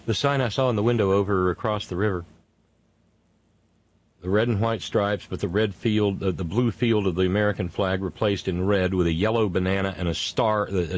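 A man hosting a political commentary monologue, indignant, stretching key words slowly for emphasis. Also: deep voice. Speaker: host.

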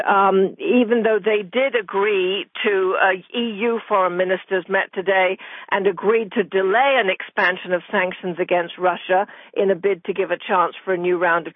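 A woman's voice: medium pitch, no room sound. British woman reporting news over a phone line. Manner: measured, with frequent ums and uhs. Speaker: news correspondent. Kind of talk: radio news report in conversation. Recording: muffled phone-line sound.

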